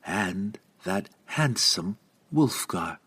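A man voicing a gracious noble lady mage who speaks politely in a measured, hushed way. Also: lowish voice, sing-song, creaky, husky, full character voice. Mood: gentle, polite.

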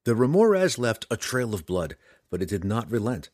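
A man narrating a fantasy adventure audiobook in an expressive, dramatic storytelling manner. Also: on the low side, normal speed, no echo, clean studio sound.

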